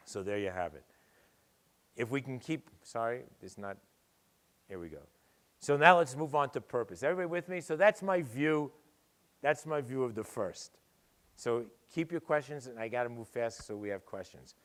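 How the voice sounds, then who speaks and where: An older man giving a conference keynote, punchy and sardonic, with a lively delivery. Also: medium pitch, normal speed. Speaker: keynote speaker. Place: dinner event hall.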